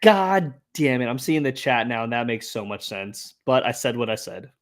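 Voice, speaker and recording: A man co-hosting a laid-back streamed trivia show. He mulls over answers out loud, trailing into strings of ums and uhs. His voice sits in an ordinary middle pitch. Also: normal speed. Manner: thinks aloud with many fillers. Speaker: trivia contestant and co-host. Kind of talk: casual live-stream chat.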